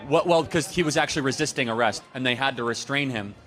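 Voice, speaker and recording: Quick-paced male debater, rebutting challenges. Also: mid-range voice, a bit bright. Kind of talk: debate exchange.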